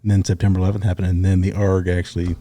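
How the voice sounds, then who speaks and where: Low, dark-voiced man telling war stories. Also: rapid-fire. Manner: relaxed storyteller, acts out quoted dialogue. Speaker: guest, retired Navy SEAL sniper. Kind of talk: casual storytelling interview.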